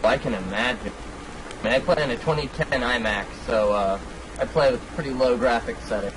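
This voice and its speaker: A man's voice: medium pitch, a little fast, background noise. A man, a guest player, chatting casually and easygoing during a game tour. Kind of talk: casual gameplay chat.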